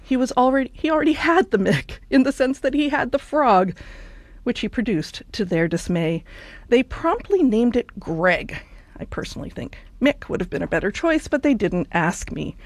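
A woman's voice: on the high side, sing-song, moderate pace, no room sound. Playful woman radio host, dry studio. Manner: playful, wry storytelling with comic asides. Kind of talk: scripted radio narration.

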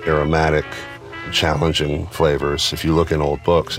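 A man who owns bars, talking in an interview in a thoughtful, measured, explanatory way. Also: extremely low pitch. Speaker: bar owner and spirits author. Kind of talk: reflective interview talk. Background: music.

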